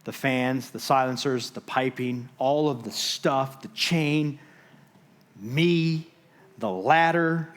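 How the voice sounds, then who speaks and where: A man giving a sermon as guest speaker, telling a personal story with dramatic pauses, moving between loud and hushed moments. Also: medium pitch. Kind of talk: sermon testimony. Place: church stage.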